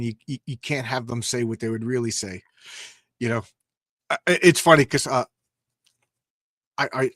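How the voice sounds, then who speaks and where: A man's voice: mid-range voice, fairly bright tone, no room sound, clean studio sound. A man hosting a casual comic book reading show, talking with enthusiasm, rambling and often stumbling over his words. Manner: enthusiastic, rambling, stammering restarts.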